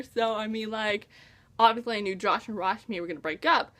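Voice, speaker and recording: A woman's voice: medium pitch, brisk, a bit bright. A young woman reviewing a book in a casual vlog, gushing and exasperated, full of exclamations.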